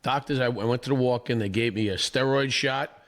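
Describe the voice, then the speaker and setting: A man, hoarse from a recent illness, animatedly telling stories in casual chat as a podcast co-host. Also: medium pitch, fairly quick. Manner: animated storyteller, acts out quoted people.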